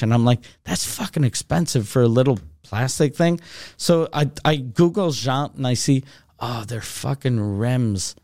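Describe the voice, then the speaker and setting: Recorded in a clean studio with no room sound, a medium-pitched man in his thirties, a comedian hosting a podcast, tells a story in casual chat. He's animated, swears constantly, and performs both sides of the conversation.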